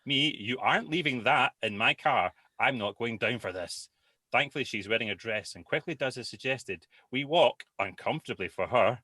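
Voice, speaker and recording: Bright, dry-sounding man reading aloud. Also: on the low side, no echo. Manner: stumbles over words, restarts. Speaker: podcast co-host. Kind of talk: reading a listener's post aloud.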